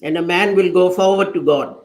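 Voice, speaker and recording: A man's voice: high-pitched, fairly quick. Man preaching a story-led sermon, echoey. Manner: retells a parable, quoting its people. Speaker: preacher giving the Friday sermon. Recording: roomy, echoey sound.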